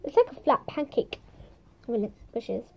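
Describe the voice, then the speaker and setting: Pitched high and swinging widely, this creaky, mellow voice belongs to a young woman vlogger chatting at a moderate pace while she presents squishies and slime. She's bubbly and playful, now and then whispering or making small sound effects for ASMR, with slight background noise in the clip.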